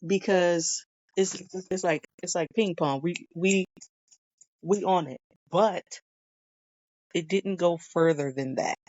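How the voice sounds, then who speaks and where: A woman's voice: lowish voice, takes it slowly, darkish tone, dry recording, lo-fi sound. A woman, a guest on a casual TV review chat, chatty and laughing as she acts out quotes. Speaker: podcast guest.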